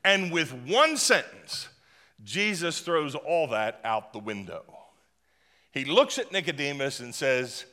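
Animated, bright-voiced male preacher. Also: a little high, slow, in a large hall. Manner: lively, humorous and emphatic preaching. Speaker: pastor. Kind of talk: sermon.

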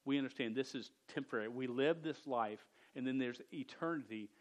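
A man's voice: medium pitch, brisk. A man preaching a sermon with a stutter, often repeating words, speaking earnestly and directly to a young audience.

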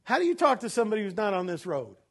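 High-voiced animated man preaching. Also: racing. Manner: animated preaching, swinging from loud laughing bursts to low solemn reading. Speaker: pastor. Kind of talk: sermon.

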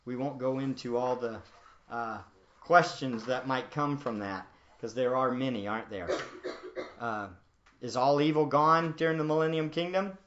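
A man's voice: medium pitch, fairly even intonation, moderate pace, a bit bright, dull audio. A man preaching a verse-by-verse Bible teaching in a conversational way, often asking his listeners questions. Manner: conversational, asks the audience questions. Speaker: pastor.

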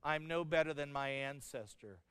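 A middle-aged pastor preaches in a high, smooth, resonant voice that's a bit bright, speaking at normal speed. He tells stories laced with humor and acts out each quoted line. The mic catches him close and dry while a long reverb lingers in the hall.

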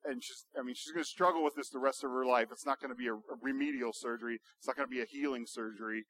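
A male pastor preaching a sermon, building to loud, emphatic rhetorical questions. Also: medium pitch, quick pace, slightly rough, dry recording.

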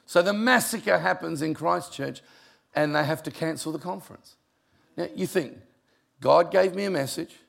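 A middle-aged man preaching a storytelling sermon, mixing jokes with hushed, emotional passages. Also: on the high side, normal speed. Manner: gravelly voice, humorous, drops quiet for emotional moments. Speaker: pastor.

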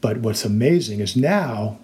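A man's voice: on the low side, expressive, unhurried, darkish tone. A man preaching a sermon as a pastor, earnest and explanatory, now and then acting out the voices in his stories.

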